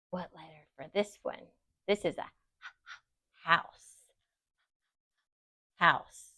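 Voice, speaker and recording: A woman teaching young children phonics, sounding out letters slowly in an encouraging, sing-song way. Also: medium pitch, dry recording.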